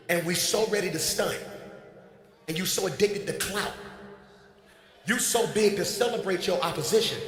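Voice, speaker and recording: Middle-aged male preacher, lively conversational sermon, bright high voice, long hall echo. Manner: conversational preaching, call-and-response with congregation. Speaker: pastor. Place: large hall with stage. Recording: echoey hall.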